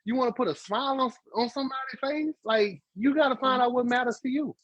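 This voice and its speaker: A man's voice: extremely high pitch, fast, a bit bright, no echo, highs cut off. A man co-hosting a relationship advice podcast, talking casually and animatedly, with emphatic repeats. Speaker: podcast co-host.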